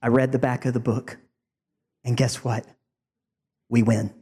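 A man's voice: medium pitch, flat delivery, unhurried, dark tone, husky, big-room sound. A man preaching a heartfelt farewell sermon to his congregation, building to emphatic rising declarations. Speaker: departing preacher.

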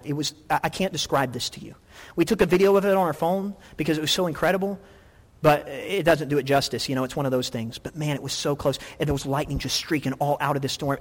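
A middle-aged man preaching a sermon, telling stories with lively energy and frequent restarts. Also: fairly high pitch. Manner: animated storytelling with many restarts. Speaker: pastor. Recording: long hall reverb.

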